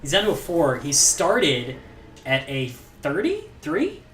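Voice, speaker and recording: Really deep-voiced woman streaming a game, upbeat and talking to chat, echoey room, far from the mic. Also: huge pitch swings, slow, a bit bright. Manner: upbeat, explains mechanics, eggs on chat. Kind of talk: live game-stream commentary. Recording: roomy, distant mic, faint noise.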